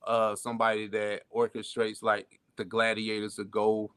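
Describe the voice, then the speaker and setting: A man's voice: on the low side, monotone, moderate pace, fairly bright tone, clear, resonant tone, no room sound, studio quality. A man co-hosting a podcast, riffing in a loose, chatty, profane way about movies and TV. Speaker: podcast co-host. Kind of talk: casual pop-culture chat.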